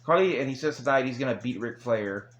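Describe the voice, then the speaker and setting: A man talks through an old wrestling episode in a loose, rambling recap. His pitch sits mid-range for a man, and he keeps breaking into chuckles and blunt, crude side remarks. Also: animated, fast, lo-fi sound, slight background noise. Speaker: wrestling show reviewer. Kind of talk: casual recap monologue.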